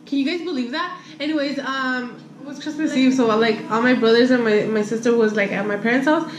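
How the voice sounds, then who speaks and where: A young woman with a high voice tells a casual story in an animated way, acting out quoted dialogue and swearing as she goes. She flips between English and Spanish mid-sentence. The recording sounds roomy and a little dull, with faint noise behind her. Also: a little fast. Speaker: vlogger.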